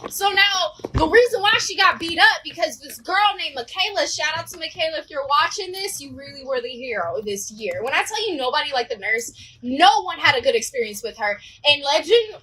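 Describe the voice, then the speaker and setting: Young woman, very high and bright voice, casual animated storyteller who acts out the voices of the people in her tale. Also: low-quality recording. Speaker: storyteller vlogger.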